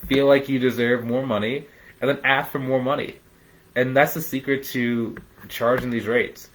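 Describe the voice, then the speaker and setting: Casual energetic male business coach. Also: mid-range voice, poor audio. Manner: casual, energetic, says "man" and "dude", acts out clients in quick voices. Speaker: business coach hosting a live training. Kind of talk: live-streamed coaching talk.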